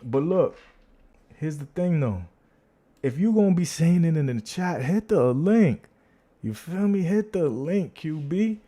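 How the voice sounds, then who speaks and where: A man's voice: a little high, expressive, unhurried, warm tone. Brash taunting man hosting a livestream. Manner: brash, taunting, slangy, addresses chat directly. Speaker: livestream host. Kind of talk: casual livestream chat.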